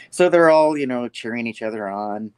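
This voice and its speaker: A man's voice: mid-range voice, clean tone, no echo. A man recapping a comic book issue in casual chat, rambling with lots of "like" and "you know.".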